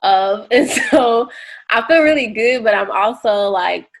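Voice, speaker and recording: A woman's voice: a little high, expressive, a little slow. A woman co-hosting a podcast, thinking aloud in a reflective, casual way. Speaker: podcast co-host.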